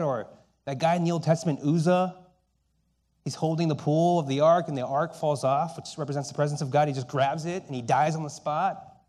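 A man preaching a sermon, telling stories and dropping between loud emphasis and hushed, quiet lines. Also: a little high, steady tone, brisk. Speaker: pastor.

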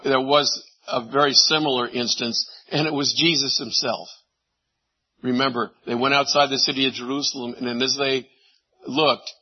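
A man preaching a sermon, animated, swinging from loud exclamations to hushed asides. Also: mid-range voice, breathy edge, highs cut off. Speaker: pastor.

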